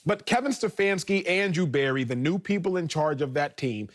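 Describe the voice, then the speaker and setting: A man's voice: fairly high pitch, lively intonation, normal speed. A man co-hosting a sports talk show, arguing his point confidently and building lists. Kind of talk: sports debate.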